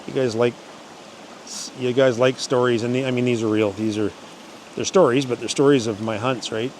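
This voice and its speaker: At a moderate pace and medium pitch, with a bit of hiss or hum behind him, a channel host chats to camera about hunting. His telling wanders and restarts, and he yells animatedly in quoted parts.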